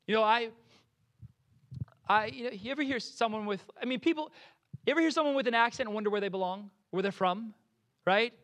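A man's voice: high-pitched, fairly quick, pauses often. A young man from New Jersey with a New Jersey accent, preaching a sermon and telling stories with frequent restarts. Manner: animated storytelling with frequent restarts. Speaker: pastor.

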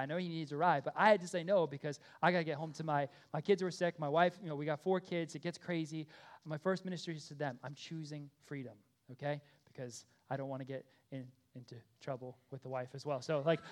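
A pastor in his thirties delivers a sermon with a voice sitting a little high for a man. He talks to the congregation like a conversation, tagging points with quick check-ins. Some pleas ring out loud and insistent, while asides fall soft and low. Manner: earnest, conversational with frequent "okay?" and "right?" check-ins; swings between loud emphatic pleas and quiet asides.

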